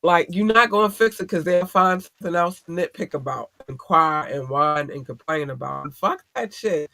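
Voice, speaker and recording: A man's voice: a little high, normal speed, vocal fry, pushed and bright, dry recording. A man hosting a podcast, giving blunt, profane advice in a casual monologue. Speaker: podcast host.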